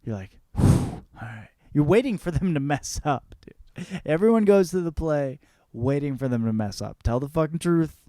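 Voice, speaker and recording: A man's voice: a little high, expressive, normal speed, few pauses, warm tone, no room sound. A young man hosting a show, telling a rambling, profane story in a casual comedic monologue. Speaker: host.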